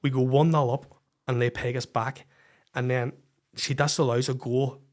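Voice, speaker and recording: A man with a Northern Irish accent, a football coach guesting on a podcast, telling a story in a lively, swearing, casual way. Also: medium pitch, normal speed. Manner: animated, swears freely, acts out heated quotes.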